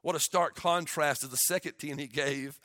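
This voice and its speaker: High-voiced bright preacher, dry sound. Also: male voice, steady tone, moderate pace, dry recording. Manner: impassioned, rising to shouts of awe. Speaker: pastor. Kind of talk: sermon.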